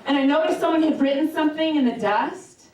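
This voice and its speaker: Telling brash, crude jokes that climb toward punchlines, this woman performs stand-up in a small, echoey club. Her high-pitched voice runs fairly quick, captured by a distant mic with background noise and the audience laughing.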